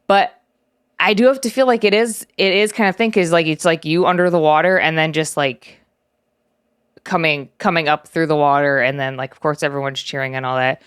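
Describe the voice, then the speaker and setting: A young woman with a low, smooth voice chats in a reflective, halting way, pausing often on fillers as she gathers her thoughts. She co-hosts a relaxed podcast recorded on a close mic. The sound is dry and clean. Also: dry recording. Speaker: podcast co-host. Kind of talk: casual chat.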